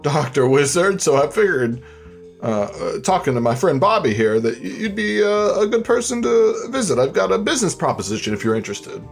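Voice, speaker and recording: A jittery sidekick who stammers and trips over his words, played by a man. His pitch is lively and moves around a lot. He restarts his sentences often as he makes his pitch. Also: a little fast, vocal fry, soft background music. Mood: nervous. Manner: hesitant, stammering, lots of restarts. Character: nervous male sidekick speaking for his friend.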